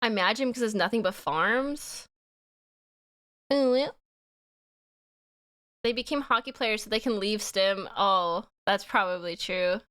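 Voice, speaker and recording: A woman's voice: medium pitch, measured pace, long pauses, a bit bright. A young woman from Saskatchewan chatting casually on a live stream, giggling often and swearing lightly as she reads chat. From Saskatchewan, Canada.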